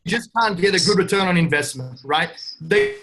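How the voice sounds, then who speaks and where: A brash Australian man talks in a casual podcast interview, upbeat and blunt. His voice sits high for a man and has a bright, forceful edge. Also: wildly swooping pitch, moderate pace, soft background music. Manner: brash, upbeat, calls the host "mate". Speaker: guest real estate investor.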